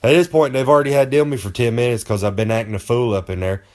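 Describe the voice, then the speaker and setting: A man holding forth in a comedic monologue, a wrestler handing out tips for life on the road. He brags and rambles in loose, folksy slang, with a voice at a middling pitch. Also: fairly even intonation, quick pace, darkish tone.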